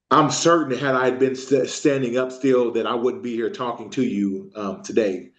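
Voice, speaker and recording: Veteran man, 30s-40s, interviewee, halting speech full of ums, roomy echo, dull lo-fi audio. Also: medium pitch. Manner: halting, many ums and restarts. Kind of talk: recorded oral history interview. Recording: echoey room, dull lo-fi sound.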